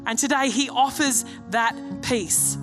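A woman's voice: fairly high pitch, unhurried, music in the background. A woman pastor preaching a sermon in an earnest, storytelling way. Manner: earnest, storytelling, acts out dialogue.

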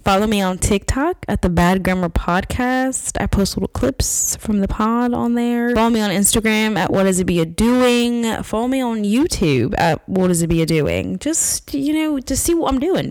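A woman hosting a podcast, giving an emphatic, casual faith-based pep talk into a microphone and swinging into high, excited bursts. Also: no echo, low-quality recording. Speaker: podcast host.

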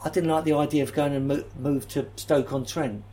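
A man's voice: fairly high pitch, fairly even intonation, brisk, mellow, natural voice. A man with a London accent playing an elderly retired footballer in an improvised comic interview, hesitant and repeating himself, in a mildly put-on posh voice. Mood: deadpan. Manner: hesitant, repeats words, dry understatement. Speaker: guest.

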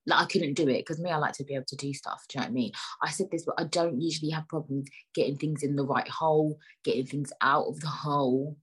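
A young woman telling an animated, exasperated story to her viewers in slangy, casual speech. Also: low-pitched, fast talker, hardly any pauses, breathy edge. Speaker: vlogger.

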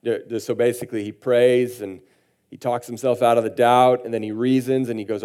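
A man's voice: medium pitch, level tone, fairly quick, darkish tone, clean tone. A man preaching a sermon, reading scripture aloud with emphasis and then commenting on it in a conversational way. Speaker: pastor.

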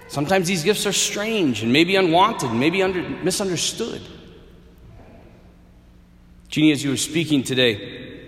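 Male preacher, earnest and wry, lively high voice, big echoing hall. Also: measured pace, pauses often. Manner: animated, earnest, with wry humor. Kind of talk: sermon. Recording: echoey hall with long reverb.

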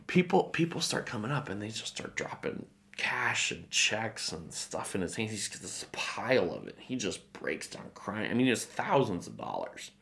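Man, pastor, bright tense voice, animated storyteller, laughs a lot. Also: lowish voice, moderate pace, gravelly. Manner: animated, acts out voices in his stories, laughs often. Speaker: pastor and guest. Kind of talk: storytelling interview talk.

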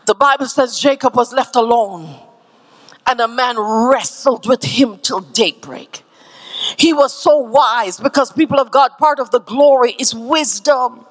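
A woman pastor from Canada preaching a sermon, building to shouted climaxes and repeating key phrases. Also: a little high, a little slow.

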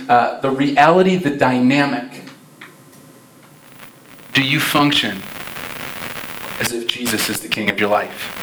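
Guy preaching a christmas sermon, gets loud then soft for emphasis, roomy church sound, mic kinda far off. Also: mid-range voice, slight background noise. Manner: impassioned, rises and drops in volume for emphasis. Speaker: pastor. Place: church sanctuary.

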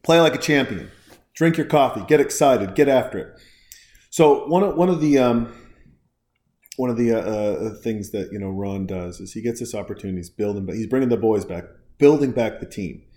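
A man's voice: medium pitch, normal speed, darkish tone. A man hosting a podcast in an early-morning solo rant, swearing freely, rambling and restarting his sentences as he gets worked up. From United States. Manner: profane, fired-up, rambling with many restarts. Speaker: podcast host. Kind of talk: casual ranting monologue.

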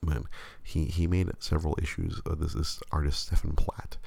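Very deep gravelly man, rambling. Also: flat delivery, moderate pace, darkish tone. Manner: rambling, stammering restarts. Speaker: podcast host. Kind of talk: casual chat.

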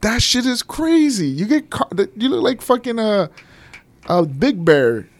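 Lively, slangy man in a dry room. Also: high voice, a little slow, dry recording. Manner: animated, slangy, joking asides. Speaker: podcast co-host. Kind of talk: casual chat.

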